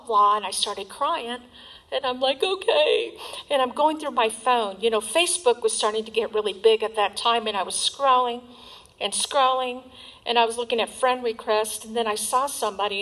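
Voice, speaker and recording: A woman's voice: a little high, low-quality recording. Candid woman telling her recovery story. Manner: candid and emotional, with soft trailing asides. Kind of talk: personal testimony at a recovery meeting.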